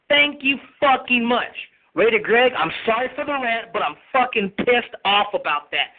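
Furious high-voiced man ranting by phone. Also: animated, moderate pace, hardly any pauses. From Houston, Texas. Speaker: caller. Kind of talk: angry profane rant. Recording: tinny phone line.

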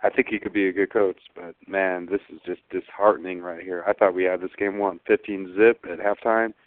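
A man's voice: low-pitched, steady tone, brisk, no echo. A man calling in to a fan show, frustrated and rambling with restarts, over a phone line. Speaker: caller.

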